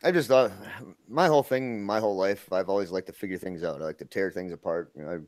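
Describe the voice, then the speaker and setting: A man's voice: low-pitched, quick pace, darkish tone, no echo. A man, chatting casually as a guest and laughing often. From Minnesota. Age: 50s. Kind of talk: casual live-stream chat.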